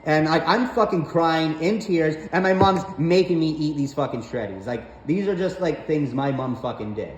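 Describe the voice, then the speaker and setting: A man's voice: fairly high pitch, normal speed, hardly any pauses, muffled recording. A man telling stories about his mother in a casual, rambling, exasperated rant full of swearing. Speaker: storyteller vlogger. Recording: roomy echo, faint background noise.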